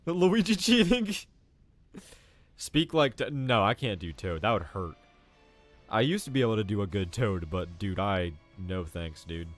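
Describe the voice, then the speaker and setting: A man's voice: fairly low pitch, big pitch swings, a little slow. A young man live-streaming a video game, chatting casually and profanely and calling everyone "bro.". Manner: chatty and profane, says "bro" constantly, often laughs. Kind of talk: casual gaming commentary. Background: faint game music.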